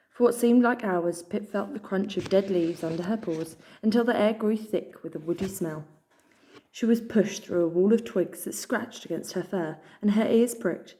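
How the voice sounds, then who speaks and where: A woman reading a children's novel aloud in a measured storytelling manner. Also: medium pitch, a little mellow. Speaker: reader.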